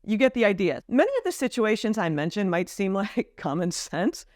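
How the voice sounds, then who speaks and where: A woman's voice: medium pitch, animated, moderate pace, darkish tone, no room sound, studio quality. A woman vlogger casually explaining etiquette, now and then acting out short example lines.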